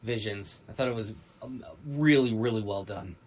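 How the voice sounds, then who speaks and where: A man's voice: lowish voice, moderate pace, a crowd in the background, rough recording. A man co-hosting a casual pop-culture discussion, rambling and restarting his sentences. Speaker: podcast co-host.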